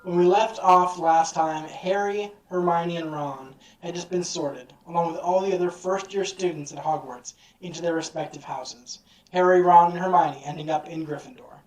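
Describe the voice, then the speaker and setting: A woman hosting a faith series, reading scripted devotional narration in a clear, steady way. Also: fairly low pitch, moderate pace, few pauses. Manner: clear, steady, read-aloud delivery.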